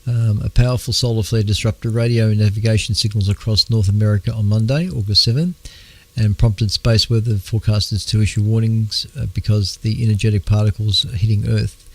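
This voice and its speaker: An Australian man hosting an astronomy radio show, talking in a halting, casual way with many fillers, clearing his throat as his voice wears out. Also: fairly low pitch, fairly even intonation. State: losing his voice. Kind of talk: casual astronomy news talk.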